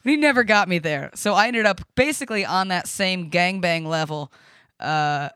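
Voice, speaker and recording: A woman's voice: lowish voice, animated, normal speed, fairly bright tone, clear, resonant tone, dry recording. A woman rambling through a personal story on a podcast, full of fillers and casual swearing. Her voice sits in an ordinary middle register. The studio sound is very dry and close. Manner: rambling, profane, lots of fillers. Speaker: podcast guest.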